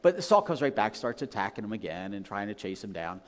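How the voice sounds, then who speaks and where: A man's voice: fairly low pitch, sing-song, a little fast. A man preaching as a pastor, retelling a story casually and checking in with the room with "okay?" and "right?". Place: church sanctuary. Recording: long reverb of a large hall.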